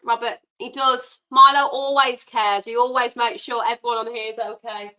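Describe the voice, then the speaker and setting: Lady yelling at the telly during a footy watchalong, high pitched, bright. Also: normal speed, low-quality recording. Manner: animated, exasperated, shouts at players. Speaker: watchalong host. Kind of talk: live football watchalong commentary.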